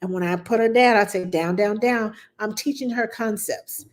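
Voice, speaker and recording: A nanny casually answers viewers' questions about babies, lively and reassuring, repeating "yes" for emphasis. Her female voice is a little high and a little fast, and she animatedly acts out baby sounds, baby talk and her own quotes.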